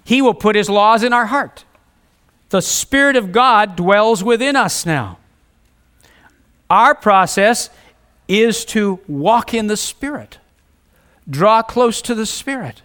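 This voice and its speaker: Earnest preacher man with high voice. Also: fairly bright tone, clean tone. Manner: earnest, preaching with rising emphasis and repetition; reads scripture aloud, conversational asides. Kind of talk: sermon.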